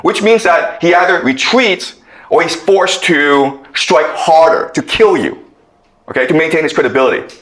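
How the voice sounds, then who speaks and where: A man's voice: on the high side, lively intonation, normal speed, a bit bright. A man giving a lecture, telling a story and often checking in with okay. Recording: echoey room.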